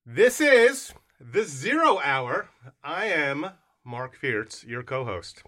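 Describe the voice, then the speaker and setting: Male podcast co-host, hyped and slangy, bright edge to the voice. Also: a little high, slow pace. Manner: animated, hype-filled banter with slang. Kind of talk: casual podcast chat.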